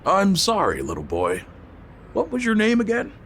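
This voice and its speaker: A man's voice: wildly swooping pitch, moderate pace, fairly bright tone, slight background noise, exaggerated voice. An actor playing a sleepy, hungry, bumbling male police officer in an audio drama. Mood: apologetic. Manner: bumbling, swings between high and low pitch.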